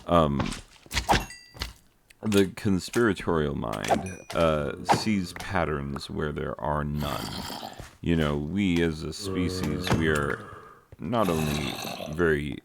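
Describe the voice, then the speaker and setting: A man, a teacher, rambling casually over his gameplay with jokes, trailing off and filling pauses with ums. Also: a bass voice, vocal fry, heavy background noise. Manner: meandering, joking, trails off with many fillers. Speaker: teacher making a gaming vlog. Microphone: close desk microphone.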